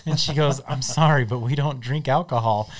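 A man's voice: medium pitch, moderate pace. A man co-hosting a casual podcast chat, retelling cartoon scenes and laughing at his own stories. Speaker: podcast co-host.

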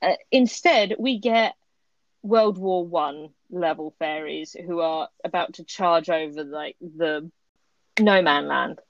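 A chatty woman co-hosting a podcast talks about a story with lively animation, laughing as she goes. She sounds close and dry, with no room around her. The sound is a little dull and lo-fi. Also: on the low side, slow, no echo. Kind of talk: casual chat reviewing a story. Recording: dry, slightly muffled lo-fi recording.

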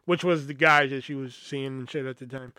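A man's voice: medium pitch, fairly even intonation, brisk, bright, forceful tone, clear, resonant tone, dry recording, clean studio sound. A man hosting a podcast, telling a personal story in a rambling, profane, casual way full of fillers. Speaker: podcast host.

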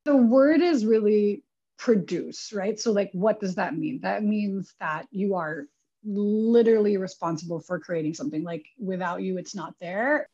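A woman's voice: medium pitch, normal speed, dark tone, slightly rough. A young woman, a film producer, chatting as a guest in a casual, self-deprecating way, full of "like", in a dull lo-fi recording. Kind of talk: casual interview storytelling.

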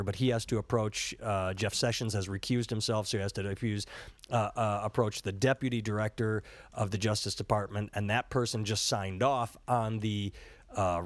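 Low-voiced man hosting a podcast. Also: no echo. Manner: rambling, profane, self-mocking, lots of fillers. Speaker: podcast host. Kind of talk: casual political chat. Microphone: handheld recorder.

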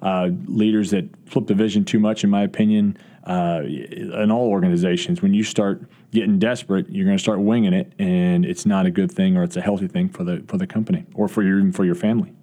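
A man's voice: low voice, fairly even intonation, a little fast, hardly any pauses, warm tone. A man who is a college football coach, answering interview questions earnestly, with frequent restarts and fillers. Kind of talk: podcast interview.

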